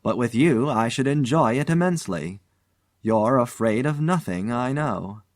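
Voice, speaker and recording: A man's voice: medium pitch, measured pace, no echo, clean studio sound, natural voice. A man reading the part of an elderly spinster aunt, eager and strong-willed, in a spoken ghost story. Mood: earnest.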